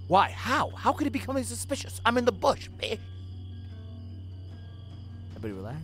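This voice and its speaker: A young man streaming a video game, giving profane running commentary that swings between low muttering and sudden yelling. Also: huge pitch swings, quick pace, long pauses, faint music behind. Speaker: gaming streamer. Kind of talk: live gameplay commentary.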